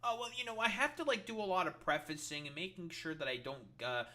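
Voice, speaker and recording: A man mockingly voicing a timid, hedging male commentator in a high whine. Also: fast talker, pushed and bright.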